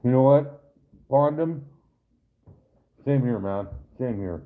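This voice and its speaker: Man, live-stream host, casual chat to viewers, rambling, profane, mid-pitched, tinny phone-like audio. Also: slow.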